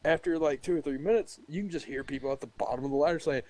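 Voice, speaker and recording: A man's voice: fairly high pitch, fast. A man casually telling a story among friends, swearing freely and laughing often. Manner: profane, animated, laughs often.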